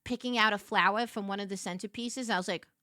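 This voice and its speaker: A woman streamer telling a story to her live chat, animated and quick to get loud when excited. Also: mid-range voice, no echo, studio quality.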